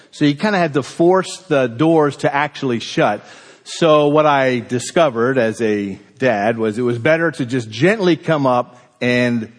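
A pastor with a medium-pitched voice preaches a sermon in a large hall, relating a personal story in a lively, conversational manner.

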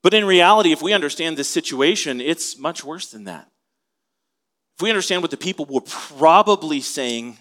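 A man's voice: a little high, expressive, normal speed, a bit bright. A man preaching an expository sermon in a conversational way, asking his listeners questions as he teaches. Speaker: pastor.

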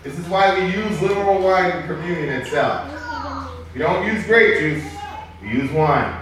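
A man preaching a sermon as pastor, lively and joking with the congregation. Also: sits high, normal speed, a crowd in the background. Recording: echoey hall from far off.

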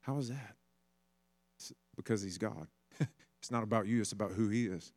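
A man's voice: fairly low pitch, moderate pace, darkish tone. A man preaching a sermon in a conversational storytelling way, sometimes acting out the voices of people in the story. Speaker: pastor.

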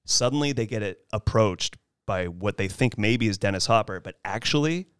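A man in casual podcast talk about a film, animated and acting out lines from scenes. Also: normal speed, clear, resonant tone, no echo, studio quality. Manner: animated, acts out film lines in high voices. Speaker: podcast host.

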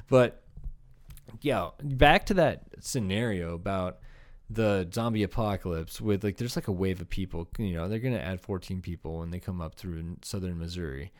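A man's voice: low voice, moderate pace. A young man from Iowa, a comedian hosting a podcast alone, rambling through a profane comedic rant with laughing asides. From Iowa, USA.

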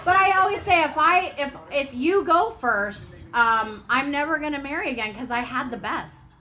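A woman's voice: high-pitched, lively intonation, moderate pace, sharp tone. A woman in her forties co-hosting a live podcast, brash and profane, laughing as she talks. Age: 40s. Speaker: podcast co-host. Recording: noisy live venue recording.

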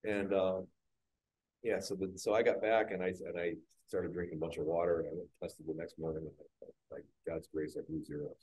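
A man, a guest business owner, frankly telling his own story on a podcast panel at a live event, getting animated when he acts out scenes. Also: deep voice, fairly quick, slightly rough, poor audio. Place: live industry training event.

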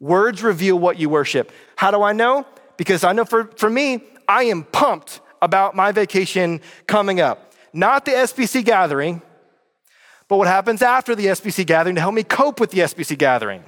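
A man's voice: high-pitched, animated, fairly quick, fairly bright tone. A male pastor from North Carolina preaching a sermon in a conversational way, often checking in with his listeners. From North Carolina, USA. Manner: conversational, addresses listeners directly with frequent check-in questions. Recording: long hall reverb.

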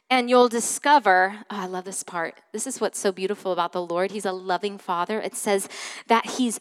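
A long reverb tail trails the clear, resonant, mid-range voice of a woman pastor preaching at a moderate pace. Her sermon is chatty storytelling thick with fillers, and she drops from loud speech into soft whispers now and then.

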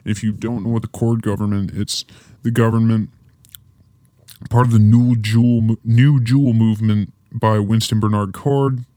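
A man's voice: on the low side, steady tone, moderate pace, mellow, no echo, clean studio sound. A man hosting a podcast, reading through a history timeline and breaking off with offhand, joking asides. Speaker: podcast host. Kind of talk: casual podcast history rundown.

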